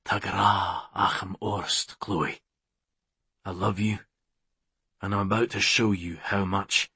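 A man voicing a brooding immortal Highland warrior, speaking low, hushed and tender. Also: measured pace, slightly rough, dry recording.

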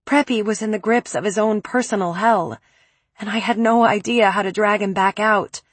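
A woman narrating a first-person novel with intense, dramatic delivery. Her voice is a little husky, recorded close and dry with no room sound. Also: mid-range voice, steady tone, normal speed, no echo. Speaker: audiobook narrator.

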